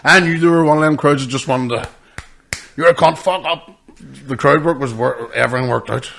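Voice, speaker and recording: A man's voice: medium pitch, brisk, vocal fry, fairly bright tone, slight background noise. A man, a comedian hosting a podcast, telling sweary stories in casual chat and laughing often.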